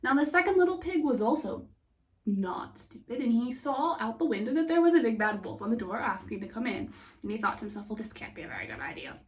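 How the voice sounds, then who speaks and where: A woman telling a fairy tale in a hushed, often whispering, unhurried voice. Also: fairly high pitch, expressive, far from the mic. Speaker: storyteller. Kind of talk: soft whispered storytelling.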